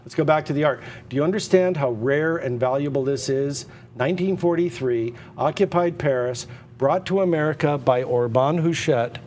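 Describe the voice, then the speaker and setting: Emphatic, excitable auctioneer man. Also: fairly high pitch, normal speed, long reverb tail, a little hiss or hum. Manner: emphatic, repetitive, excitable patter. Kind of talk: live auction sales pitch.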